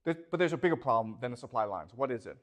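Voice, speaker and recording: A man's voice: mid-range voice, lively intonation, racing. A male professor giving a classroom lecture, emphatic and questioning, who keeps checking in with the class.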